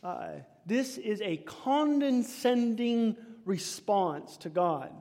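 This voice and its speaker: A man preaching a sermon, emphatic, swinging between loud declaiming and hushed whispers. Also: high-pitched, sing-song, slow pace. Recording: long reverb of a large hall.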